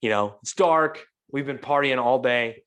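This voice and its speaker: A man's voice: mid-range voice, unhurried, clean tone. A man hosting a podcast, telling a long, profane party story in casual chat and acting out what people said. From St. Louis, USA. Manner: animated, profane, acts out quotes. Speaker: podcast host.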